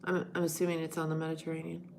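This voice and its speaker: A woman's voice: deep voice, monotone, very fast, creaky, a little hiss or hum. A woman hosting a casual live stream, chatting with her viewers in a playful, teasing way. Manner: playful, teasing, breaks into loud monkey noises.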